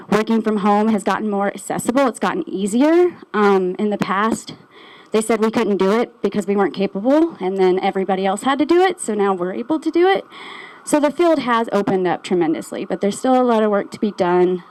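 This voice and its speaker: A woman's voice: mid-range voice, animated, normal speed, darkish tone, low-quality recording. Earnest woman giving a short speech. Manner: earnest, plain, with frequent ums. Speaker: staff member sharing personal experience.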